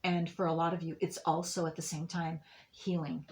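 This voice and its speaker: A woman gives her viewers a monthly intuitive reading as an astrology and tarot reader, rambling and restarting with many fillers in a reassuring tone. Her voice is fairly low, with little pitch movement and a moderate pace.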